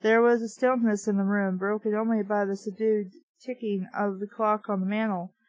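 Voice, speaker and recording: A woman's voice: mid-range voice, flat delivery, moderate pace, darkish tone, no room sound. A woman reading a novel aloud with dry, sarcastic asides. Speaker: book reviewer reading aloud.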